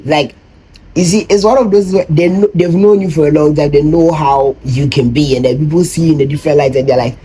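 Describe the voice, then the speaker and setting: A man's voice: a little high, a little fast, dark tone, breathy edge, rough recording. A man from Ghana, hosting a reaction video, explains his thoughts casually and rambles, acting out other people's voices when he quotes them.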